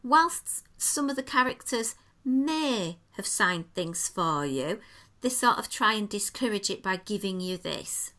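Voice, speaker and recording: A woman tells a podcast co-host all about a restaurant visit. Her voice is bright and forward, and she talks in an easy, enthusiastic way, painting each detail as she goes. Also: mid-range voice, animated, measured pace. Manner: chatty, descriptive, enthusiastic storytelling. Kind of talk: casual chat, restaurant review.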